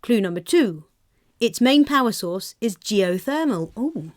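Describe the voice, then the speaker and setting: A woman's voice: mid-range voice, lively intonation, unhurried. An English woman co-hosting a comic chat show, reading quiz clues aloud and laughing easily. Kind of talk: playful live show banter.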